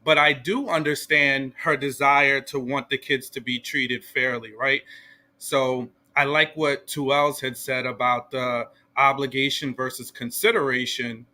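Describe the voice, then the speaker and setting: Bright-voiced man reasoning things through. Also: medium pitch, flat delivery. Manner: measured, reasoned, uses 'right?' often. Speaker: guest panelist. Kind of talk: casual podcast discussion.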